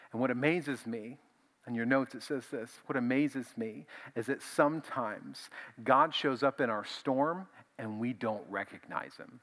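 A male pastor preaching a conversational, animated sermon, often repeating himself as he builds a point. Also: medium pitch, measured pace.

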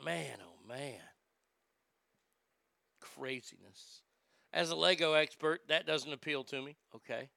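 A man's voice: fairly high pitch, normal speed, gravelly, hardly any pauses, sharp tone, no room sound. A middle-aged man hosting a casual talk show, telling stories in a wisecracking, profane way. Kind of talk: casual talk radio banter.

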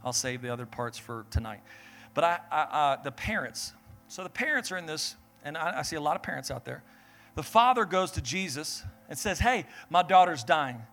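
High, bright-voiced energetic young preacher man. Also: soft background music. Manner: animated, acts out Bible figures and family members in quick voices. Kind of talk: energetic sermon.

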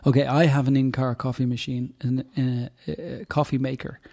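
A man's voice: medium pitch, little pitch movement, moderate pace, darkish tone. A man co-hosting a casual chat, rambling and searching for words, teasing his partner. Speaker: podcast co-host.

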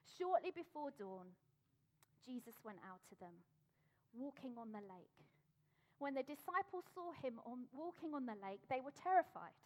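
A woman's voice: high voice, very animated, normal speed. A middle-aged woman preaching a sermon, emphatic and repeating her phrases for effect.

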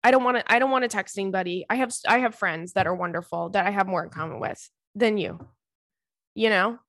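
A woman's voice: mid-range voice, fast, a bit bright, no room sound, clean studio sound. A woman podcast host and comedian giving casual advice, chatty and blunt, swearing freely and laughing often.

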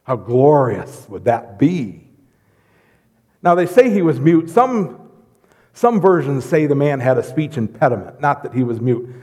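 A middle-aged man preaching a lively, joking sermon in church, swinging between loud bursts and hushed asides. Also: on the high side, normal speed. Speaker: pastor. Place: church sanctuary. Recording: long hall reverb.

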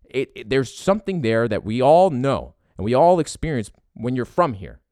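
A man's voice: mid-range voice, sing-song, normal speed, darkish tone, dry recording. A man from Philadelphia with a Philadelphia accent, delivering a profane, heated opinion rant about sports fans.

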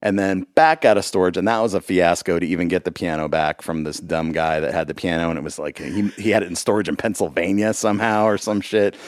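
Man, podcast guest, casual rambling storyteller, low voice, dry recording. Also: fairly even intonation, fast talker, few pauses, no room sound. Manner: rambling storyteller, laughs often. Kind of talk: casual chat.

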